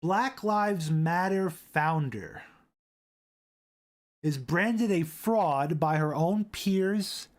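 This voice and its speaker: Speaking very slowly into a boom-arm desk mic, a live-stream host keeps things casual. He wanders from point to point, says things twice, and reads chat messages aloud.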